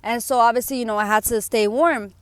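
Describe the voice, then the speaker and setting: A woman's voice: fairly high pitch, fairly even intonation, fairly quick, clean tone, no echo. A young woman vlogger telling a personal story in a candid, emotional way, full of fillers like "like" and "you know", tearful at times.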